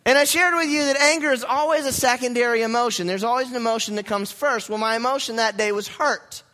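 A young man preaching, spinning a story with lively, self-mocking humor. His voice sits high and rings bright and clear. He delivers it as a sermon to his congregation. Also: quick pace. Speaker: pastor.

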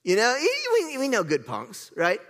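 A man's voice: very high voice, wildly swooping pitch, moderate pace, fairly bright tone, in a large hall. A man preaching a sermon, telling the story in a playful, chatty way and asking the crowd questions.

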